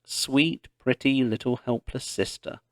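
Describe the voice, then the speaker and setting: A man's voice: mid-range voice, steady tone, unhurried, no echo, studio quality, close to an everyday voice. A man reading the part of a desperate young girl searching for her lost baby sister. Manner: screeching, anguished.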